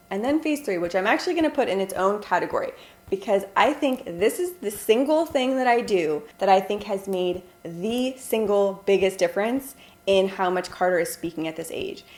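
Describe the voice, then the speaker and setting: A young woman, a stay-at-home mom, giving earnest parenting advice in a casual vlog, explaining step by step and slowing down to model simple phrases for a toddler. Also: medium pitch. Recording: echoey room.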